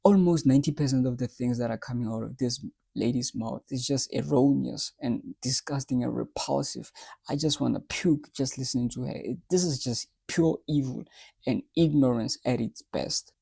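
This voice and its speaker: A man's voice: mid-range voice, normal speed, vocal fry, dark tone, slightly rough, no room sound. A man hosting a reaction video, giving blunt, lecturing commentary.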